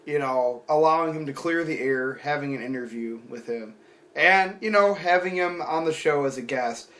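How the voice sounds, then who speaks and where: A man's voice: a little high, normal speed, fairly bright tone. A young man co-hosting a casual podcast, agreeable and easygoing, laughing along. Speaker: podcast co-host.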